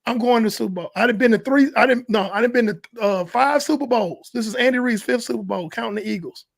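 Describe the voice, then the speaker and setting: High-voiced man in lively sports banter. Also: quick pace, creaky. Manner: animated, acts out quotes in shifting voices. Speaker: podcast co-host. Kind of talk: casual sports talk.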